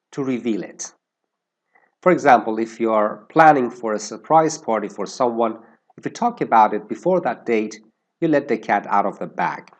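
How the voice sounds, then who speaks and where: A man teaching an English usage lesson at an unhurried pace. His voice is a little husky, and his pitch swings widely as he stresses each word's sound. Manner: slow, careful explanation stressing word sounds.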